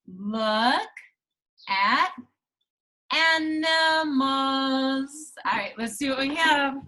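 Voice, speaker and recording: Woman speech therapist, high and slow, exaggerated sing-song delivery for toddlers. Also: very noisy. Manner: exaggerated, drawn-out words, playful animal sounds. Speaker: speech-language pathologist teaching preschoolers. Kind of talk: slow, sing-song teaching to young children.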